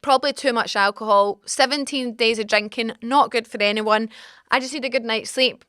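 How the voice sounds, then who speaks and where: Young Scottish woman, podcast host, lively and frank teller, slightly high, very dry close studio mic. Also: normal speed, smooth, dry recording. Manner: animated, dramatic, swearing, frank. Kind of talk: casual storytelling.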